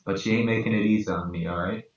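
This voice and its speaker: Chatting and murmuring to himself in a subdued way as he draws, this podcast co-host speaks at a quick pace with fairly even intonation. The room echoes, and the mic sounds far off and flat.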